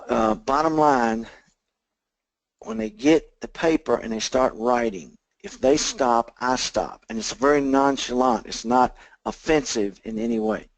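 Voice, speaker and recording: A man delivers instructional sales training straight to his listeners, often checking in with "okay?" and acting out both sides of sales conversations. His medium-pitched voice has lively intonation and a slightly slow pace, in a dry, rough recording.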